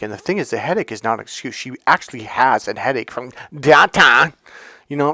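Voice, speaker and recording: A man's voice: medium pitch, lively intonation, fairly quick, pushed and bright, no room sound. Blunt, profane man giving dating advice. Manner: blunt and profane, mocks others with put-on voices. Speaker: dating coach. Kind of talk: casual advice monologue.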